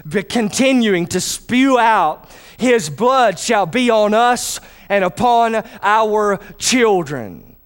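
A man's voice: high voice, a bit bright. A man preaching a sermon in church who calls for responses from the congregation.

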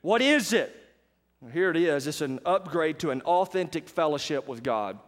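High-voiced pastor preaching in a hall. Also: male voice, normal speed. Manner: animated storytelling, asks the congregation questions. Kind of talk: sermon.

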